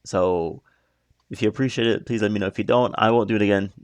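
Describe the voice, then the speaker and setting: A man's voice: on the low side, fairly even intonation, fast talker, no echo. A man giving casual reaction commentary on a music video, musing in a stop-start way with apologetic asides.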